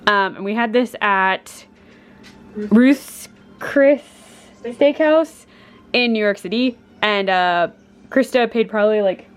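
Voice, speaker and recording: Chatty excitable woman vlogging from her kitchen. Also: medium pitch, takes it slowly, pauses often, smooth. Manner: chatty and excitable, squeals when delighted. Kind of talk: casual home vlog. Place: home kitchen.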